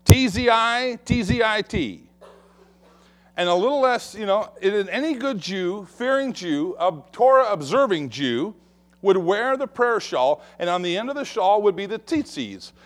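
A man preaching a sermon in an expressive way, acting out the voices he quotes. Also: sits high, measured pace. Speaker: pastor.

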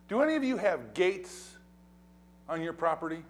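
A man preaching a sermon, acting out Bible dialogue with lively energy and putting questions to the congregation. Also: fairly high pitch, moderate pace. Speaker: pastor.

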